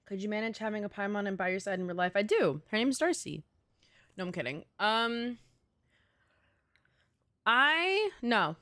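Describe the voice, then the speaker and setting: Excitable laughing woman streamer. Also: mid-range voice, normal speed, pauses often. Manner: excitable, laughing, pleading to chat. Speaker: game streamer. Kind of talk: live gaming stream chat.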